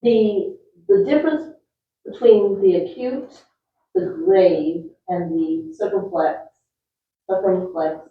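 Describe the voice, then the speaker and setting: A woman student in a class, asking questions and restating the teacher's points out loud to check her understanding. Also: mid-range voice, takes it slowly, far from the mic. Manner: thinking aloud, restating points to check them. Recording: dull, roomy sound from across the room.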